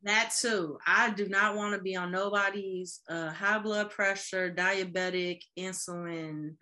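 A woman in casual podcast chat, animated, laughing often and acting out quoted voices. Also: mid-range voice, unhurried. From Midwest.

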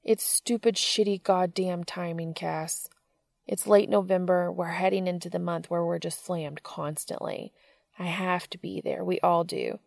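A woman's voice: lowish voice, steady tone, measured pace, gravelly, darkish tone, dry recording, studio quality. A woman reading the lines of a bantering, self-deprecating adult man in a story, in her own voice. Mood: rueful. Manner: bantering, sarcastic.

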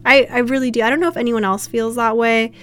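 A woman's voice: on the high side, fairly even intonation, quick pace, fairly bright tone, clean tone. A young woman hosting a casual podcast, chatty and bubbly, laughing often as she talks. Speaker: podcast host.

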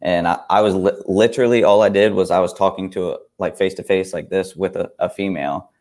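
A man's voice: low voice, fairly even intonation, fairly quick, darkish tone. A young man co-hosting a talk show, chatting casually in a hesitant way full of fillers. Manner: easygoing, hesitant, with many fillers. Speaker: co-host. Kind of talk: casual chat.

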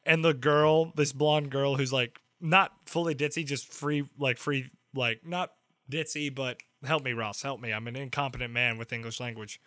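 A man's voice: mid-range voice, steady tone, moderate pace, pushed and bright, dry recording. A man hosting a podcast in casual chat, teasing his guest and packing his talk with "like". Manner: teasing, filler-heavy with lots of "like". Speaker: podcast host.

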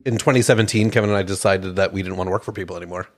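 Young guy cohost, teasing and laid-back, fairly low voice. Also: steady tone, racing, slight background noise. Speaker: podcast co-host. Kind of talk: casual chat.

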